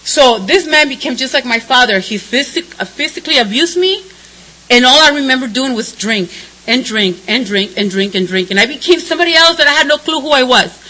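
Bright, high-voiced woman telling her story. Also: lively intonation, brisk, low-quality recording. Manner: candid and blunt, swinging between somber and laughing. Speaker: speaker sharing her recovery story. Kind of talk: personal testimony at a recovery meeting.

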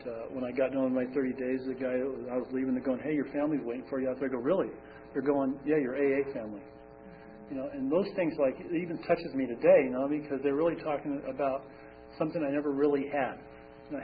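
A man telling his recovery story at a support meeting, rambling and conversational with many fillers. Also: medium pitch. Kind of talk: personal recovery talk. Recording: distant, phone-like, faint hum.

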